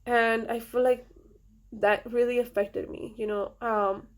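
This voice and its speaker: A young woman telling a personal story to her viewers in an earnest, halting way, with many pauses and fillers, quietly emotional. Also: a little high, level tone. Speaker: vlogger.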